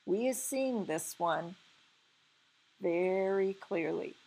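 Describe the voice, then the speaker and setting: A kind, clumsy giant , as a woman reader puts him on, cries out in a louder, higher, slow voice that is gravelly and husky. He jumbles his words as he frets. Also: animated, full character voice, poor audio. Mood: agitated. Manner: mangled words, loud exclaiming. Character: big clumsy kind male giant, distressed.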